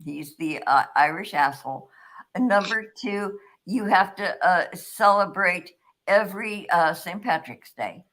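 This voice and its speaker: An older woman co-hosting a casual talk show, blunt and quick to swear. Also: lowish voice, fairly bright tone. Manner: blunt and profane. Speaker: co-host. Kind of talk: casual chat.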